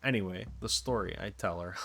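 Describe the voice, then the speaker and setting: A man's voice: deep voice, moderate pace, vocal fry, fairly bright tone. A man voicing a cheerful, chatty family man in a game, telling long rambling jokes. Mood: jokey. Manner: rambling jokey storytelling.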